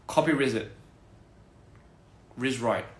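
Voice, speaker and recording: A man's voice: mid-range voice, very slow, roomy sound. A man chatting casually on a phone livestream, rambling through goofy wordplay and laughing at his own jokes. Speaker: livestream host.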